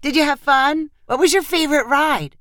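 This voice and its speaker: A woman doing a bright, doting grandma. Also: high-pitched, normal speed, no room sound, studio quality, voice pushed up. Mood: eager.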